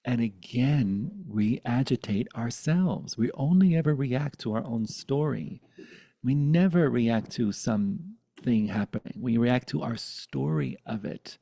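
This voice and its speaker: A man's voice: mid-range voice, lively intonation, measured pace, vocal fry, dark tone, no echo. A man giving a satsang talk as a spiritual teacher, playful and prone to bursting into silly voices.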